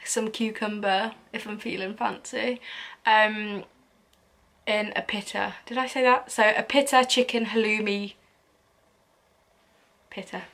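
A woman's voice: mid-range voice, steady tone, unhurried, pauses often, a bit bright. Young female vlogger, casual Q&A chat, chatty and giggly. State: out of breath. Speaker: YouTuber. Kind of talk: casual Q&A vlog.

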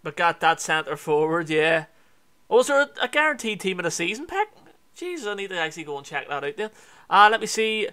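A man's voice: sits high, big pitch swings, a little fast, sharp tone, clean tone, low-quality recording. A Northern Irish man livestreaming a football game, chatting casually with viewers and swearing at his team. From Northern Ireland. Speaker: gaming livestreamer.

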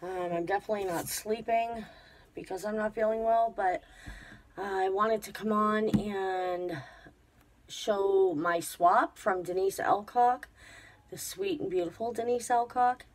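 A woman's voice: mid-range voice, fairly even intonation, measured pace, slight background noise. A tired, unwell woman chatting to camera as a crafting vlogger, gushing over a parcel with many fillers. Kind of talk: casual unboxing chat to camera.

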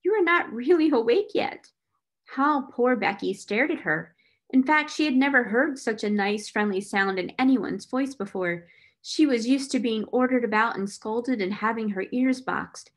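Woman reading an old novel out loud, clear and expressive, kinda high voice. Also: moderate pace. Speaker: reader. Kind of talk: audiobook reading of a classic novel.

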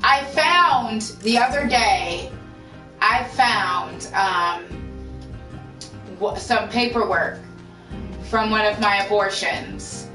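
A woman's voice: medium pitch, extremely slow, pauses often, bright, forceful tone. A woman streamer telling personal stories to her live chat in a candid way, swearing freely. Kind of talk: casual storytelling to a live chat. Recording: roomy sound from a distant mic. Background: faint music.

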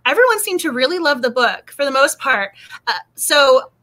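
A woman's voice: high-pitched, expressive, normal speed, sharp tone. A woman hosting a book club livestream in casual chat, bubbly and laughing often.

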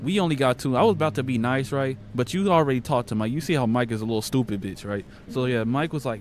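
A man's voice: medium pitch, fast talker, hardly any pauses, a little hiss or hum. Young man rambling through a game. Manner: slangy, rambling, profane. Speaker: gaming streamer. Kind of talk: casual let's-play commentary and retelling.

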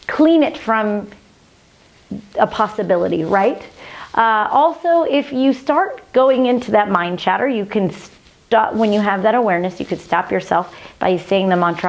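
A woman teaching a healing practice to camera, speaking earnestly and gently, slowing and softening her voice whenever she repeats the mantras. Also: medium pitch, animated.

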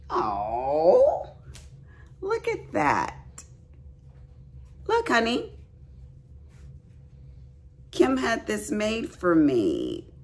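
A woman's voice: fairly low pitch, a little mellow. A middle-aged woman, chatting casually to viewers in a craft haul vlog at home, folksy and chatty. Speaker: crafting vlogger. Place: at home, bedroom.

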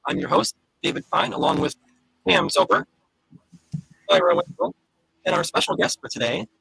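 Male stream host, gravelly and husky, upbeat and joking, dry close mic. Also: high voice, huge pitch swings, moderate pace, pushed and bright, dry recording, rough recording. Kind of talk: casual live-stream chat.

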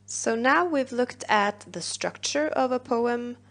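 A woman talks through a poem as a teacher in a recorded lesson. She takes her time and pauses on filler words, with a gravelly fry in her voice. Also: fairly high pitch, fairly bright tone. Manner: patient explaining with filler pauses.

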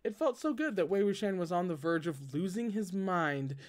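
A man with a high-sitting voice and lively intonation hosts a casual read-aloud of a novel at normal speed. He often breaks off from the text to add wry, joking commentary.

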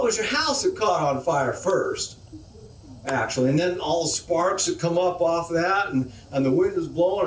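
A man plays a hesitant rural neighbor breaking bad news, rambling in a folksy drawl. The voice sits a touch high and carries from afar through an echoey hall with faint room noise. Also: recorded from a distance, close to an everyday voice. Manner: folksy drawl, rambling, ungrammatical country talk. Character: slow, hesitant rustic neighbor man, sorrowful.

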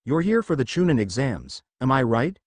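A man's voice: medium pitch, very animated, moderate pace, no room sound. A man voicing a brash, blunt teenage boy ninja in a fan story reading who grumbles and teases.

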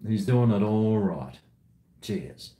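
A man talks slowly in a low, mellow voice on a casual live stream from home. He rambles and swears freely. His voice rings around an echoey room. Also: sing-song.

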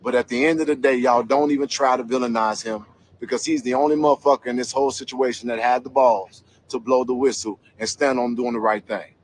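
A man's voice: medium pitch, steady tone, fairly quick, a little hiss or hum. A man giving an angry vlog commentary rant, heated, profane and emphatic. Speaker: commentator investigating a local scandal.

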